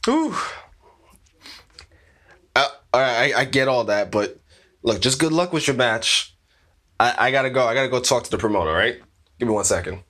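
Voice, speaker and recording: A man telling his character's actions in a casual tabletop game, pausing and hunting for words. His voice is bright with lively pitch. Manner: halting, searching for words. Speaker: player. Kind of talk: casual tabletop role-play narration.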